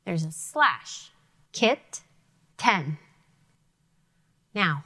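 A woman teacher giving an elementary phonics lesson, sounding out words carefully and clearly for young students. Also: medium pitch, fairly bright tone.

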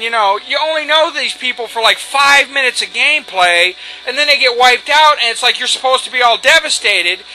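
Man, let's play host, high voice, rambling profane rants, faint game music behind. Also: pushed and bright, rough recording. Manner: rambling, profane, ranting asides. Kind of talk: casual gameplay commentary. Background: faint video game music.

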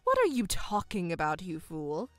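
A woman's voice: on the low side, wildly swooping pitch, moderate pace, no echo, soft background music. A woman voicing a scheming middle-aged mother who dotes on one daughter and mocks the other, speaking in a condescending, gloating way. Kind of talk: voiced story narration.

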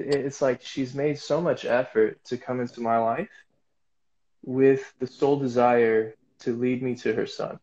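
A man's voice: medium pitch, darkish tone, lo-fi sound. A man speaking as a guest, telling a casual faith testimony in a rambling way with many fillers and restarts.

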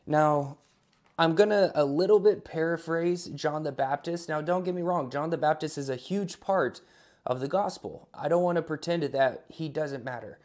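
A man's voice: on the high side, normal speed, a little mellow. A man preaching an online sermon in a casual, conversational way, opening with a spoken prayer. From Alaska. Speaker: pastor.

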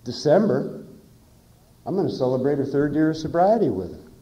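A man's voice: on the high side, sing-song, moderate pace, dark tone. A middle-aged man giving a plain-spoken, earnest personal testimony at a recovery meeting. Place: conference hall. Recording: echoey dull conference tape.

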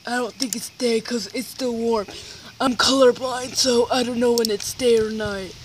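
A woman's voice: on the high side, steady tone, normal speed, noisy background. A woman playfully narrating and improvising a story while playing a game.

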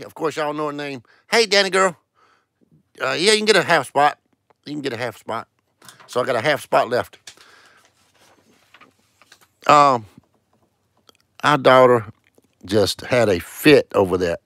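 A man's voice: medium pitch, expressive, normal speed, long pauses, fairly bright tone, no room sound, studio quality. A man hosting a casual live stream, greeting viewers one by one in a sing-song way and calling out scratch-ticket numbers. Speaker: livestream host.

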